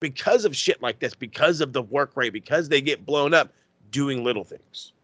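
A man's voice: mid-range voice, normal speed, fairly bright tone, breathy edge, no echo. A man hosting a casual wrestling podcast, ranting in a fired-up way and swearing constantly. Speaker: podcast host.

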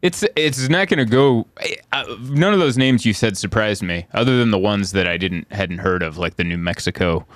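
A man's voice: lowish voice, normal speed, few pauses, no echo. A man, a comedian hosting a podcast, riffing and joking in casual chat and laughing often.

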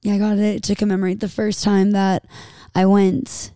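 Woman, mid pitch, smooth clear voice, dry close mic, teasing co-host. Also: little pitch movement, moderate pace, warm tone, no echo. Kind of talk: casual podcast chat.

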